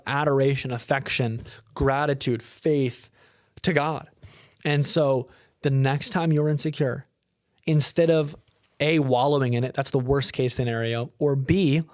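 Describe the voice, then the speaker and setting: A man's voice: mid-range voice, darkish tone, no echo, clean studio sound. A man, a pastor, giving an earnest, emphatic podcast talk, often repeating words as he builds a point.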